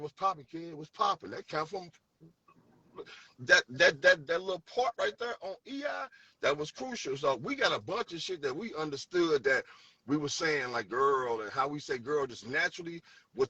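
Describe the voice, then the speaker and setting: A man's voice: fairly high pitch, normal speed, breathy edge, dry recording, far from the mic, lo-fi sound. A man with a St. Louis accent, telling stories in a casual debate, acting out quotes with lots of restarts. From St. Louis, USA. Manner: animated storytelling, acts out quotes, many restarts. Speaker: debater recalling music history.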